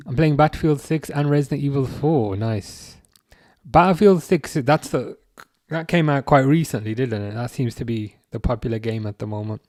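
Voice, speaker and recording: A man's voice: medium pitch, moderate pace, darkish tone, dry recording, studio quality. A young man hosting a live stream, reading viewer chat aloud and answering in a chatty, self-correcting way. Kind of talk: casual live chat commentary.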